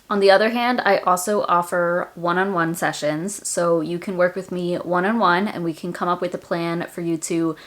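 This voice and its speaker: A woman's voice: fairly low pitch, a bit bright. An American woman hosting a personal finance video, talking in a chatty, friendly way. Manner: chatty and friendly, says y'all. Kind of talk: casual direct-to-camera finance talk.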